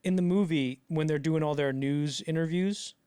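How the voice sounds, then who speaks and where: A young man co-hosting a podcast in casual chat, talking animatedly and jumping into loud acted-out quotes. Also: a little high, normal speed, clear, resonant tone. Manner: animated, acts out quotes in bursts, many fillers. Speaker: podcast co-host.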